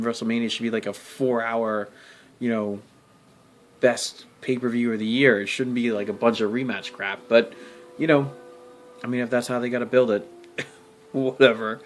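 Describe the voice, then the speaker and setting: A man's voice: mid-range voice, a little hiss or hum. A man giving a casual, rambling wrestling recap full of fillers, swearing and sudden exasperated outbursts. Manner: rambling, profane, many fillers and restarts; jumps to loud exasperated outbursts. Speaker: wrestling vlogger.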